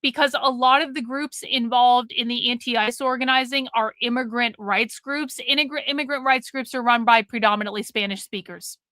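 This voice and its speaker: A woman's voice: fairly high pitch, fairly even intonation, moderate pace, hardly any pauses, sharp tone, no echo. A woman hosting a live stream, commenting bluntly and explaining things to her chat. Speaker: livestream host.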